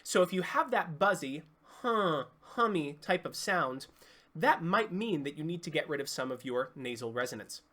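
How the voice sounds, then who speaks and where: A singing coach giving an online vocal lesson, explaining clearly and demonstrating sounds. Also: medium pitch, expressive, brisk, few pauses, fairly bright tone.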